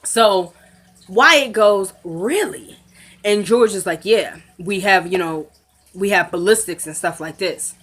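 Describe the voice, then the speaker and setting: Speaking slowly in a mid-range, slightly bright voice, a recap vlogger retells the scenes of a TV drama episode, performing the characters' dialogue. She stays chatty and addresses her viewers directly, recorded on a camera mic.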